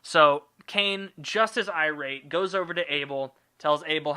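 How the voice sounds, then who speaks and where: A man's voice: fairly high pitch, a little slow, few pauses, sharp tone, smooth. A man telling stories as a podcast host, in a crude, rambling, sarcastic comic manner. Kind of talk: irreverent comic storytelling.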